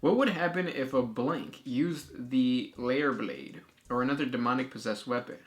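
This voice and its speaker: A young man co-hosting a casual chat, reading out viewer questions in a relaxed, agreeable way. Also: mid-range voice, normal speed.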